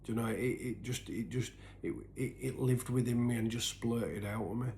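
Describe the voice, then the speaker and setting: A man telling his own story in an earnest, halting way, full of restarts, and sometimes sinking to a near-whisper. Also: medium pitch, a little hiss or hum. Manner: sinks to a soft, breathy near-whisper at painful moments. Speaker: recovery vlogger. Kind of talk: personal confessional storytelling.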